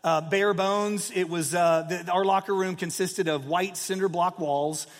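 A man in his forties preaching a sermon, telling a story in a relaxed, conversational way with plenty of fillers. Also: high-pitched, a little slow, long reverb tail. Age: 40s. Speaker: pastor.

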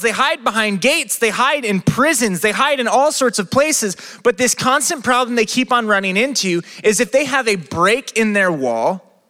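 A man preaching a lively sermon, asking his listeners question after question. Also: sits high. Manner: lively, asks the crowd many questions. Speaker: pastor. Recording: long reverb of a hall.

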